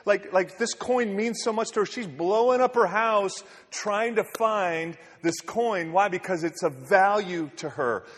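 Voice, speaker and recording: Earnest preacher in an echoey hall. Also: male voice, high-pitched, unhurried, hardly any pauses, a bit bright. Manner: conversational, earnest, often restarts with "like". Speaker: pastor. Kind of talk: sermon.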